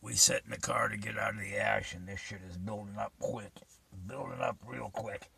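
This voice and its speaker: A man's voice: on the low side, fairly even intonation, moderate pace, creaky, bright, forceful tone, slightly rough. An older man telling a vivid, profane personal story in an earnest way.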